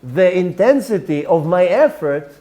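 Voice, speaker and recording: Rabbi, lively earnest lecture. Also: male voice, high voice, unhurried, dull audio. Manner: earnest, repeats words, sprinkles Hebrew terms. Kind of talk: religious lecture.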